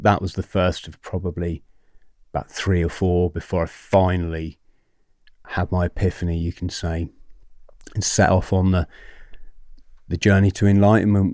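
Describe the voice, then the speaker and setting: A man's voice: low voice, darkish tone, no echo, studio quality. A man guest on a podcast, telling his story candidly and animatedly, with swearing and frequent checks with the host.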